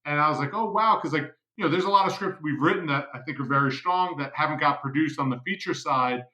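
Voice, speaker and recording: Earnest bright-voiced man in echoey room. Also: a little high. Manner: storytelling, earnest, halting restarts. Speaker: series co-creator. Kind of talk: casual interview chat.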